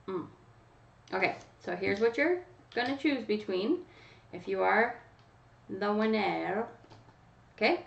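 A woman's voice: medium pitch, expressive, measured pace, creaky. A woman hosting a casual live stream, chatting directly to her viewers by name as she runs a giveaway. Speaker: livestream host running a nail polish giveaway. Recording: roomy, distant, dull home mic.

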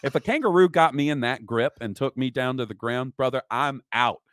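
A man's voice: medium pitch, fairly quick, fairly bright tone, no echo, clean studio sound. A man co-hosting a podcast, casually and laughingly commenting on old TV footage. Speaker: podcast co-host. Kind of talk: casual chat.

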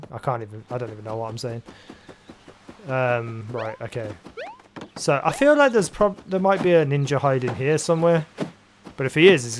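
A man's voice: mid-range voice, a little hiss or hum. A man playing a video game and casually thinking aloud, muttering with fillers as he commentates. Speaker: gaming channel host. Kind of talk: let's play commentary. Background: background music.

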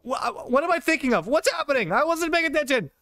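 A young man commentating a game on a live stream, excitable, swearing, laughing and shouting at what happens. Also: very high voice, fast, slight background noise.

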